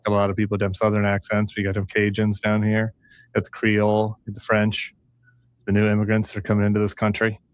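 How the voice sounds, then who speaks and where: A man with a fairly low voice talks through news clips on a livestream. He is earnest and halting, full of fillers and restarts, and sounds like he is on a video call. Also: completely flat delivery, clean tone, no echo. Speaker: co-host presenting news clips. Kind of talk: livestream commentary.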